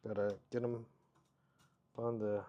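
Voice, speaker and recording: A man's voice: on the low side, little pitch movement, slow pace, mellow, highs cut off, slight background noise. A man, a comedian, casually narrating his own vlog, muttering and joking at himself while he fiddles with gear in a hotel room. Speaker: comedian and vlogger.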